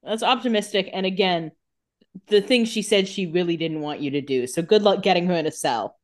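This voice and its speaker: A woman's voice: lowish voice, fairly quick. A woman co-hosting a podcast, chatting casually and joking about a TV episode. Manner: laughs often, reacts and jokes about the characters. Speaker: podcast co-host. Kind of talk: casual chat.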